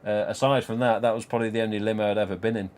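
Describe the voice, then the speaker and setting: Man, middle-aged, lowish voice, casual rambling anecdotes, swears a lot, live stream host. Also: little pitch movement, rapid-fire, darkish tone, slight background noise. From Nottingham, England. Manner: rambling, swears freely, laughs at own jokes. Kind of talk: casual storytelling chat.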